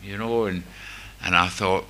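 An older man with a Glasgow-area accent, from near Glasgow in Scotland, shares his recovery story openly with a group, wry and self-deprecating. His voice sits low and is smooth, bright and forceful, with fairly even intonation and a slightly slow pace.

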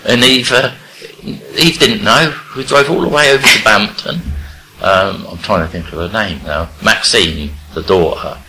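An older man from England, telling his life story in a rambling, halting way with many restarts. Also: fairly low pitch, very noisy. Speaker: recovery speaker sharing his story. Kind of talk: personal storytelling.

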